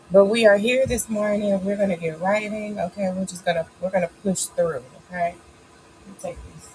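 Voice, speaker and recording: Her voice is medium-pitched, a little fast and darkish in tone as she hosts a casual live-stream writing session. She's sniffly, coming down with a cold, yet stays chatty, playful and encouraging, saying "y'all" and "child" a lot. The recording is low quality with slight background noise.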